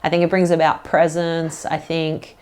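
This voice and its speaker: A woman's voice: low voice, monotone, moderate pace, darkish tone, smooth. A woman hosting a casual solo podcast, rambling loosely with lots of "like" and "um" and slipping into playful put-on accents. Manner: rambling, fills talk with "like" and "um". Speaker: podcast host.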